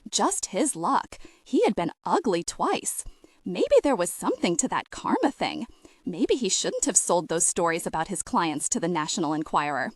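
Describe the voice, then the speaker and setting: Expressive woman narrating an audiobook. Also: on the low side, normal speed, dry recording, clean studio sound.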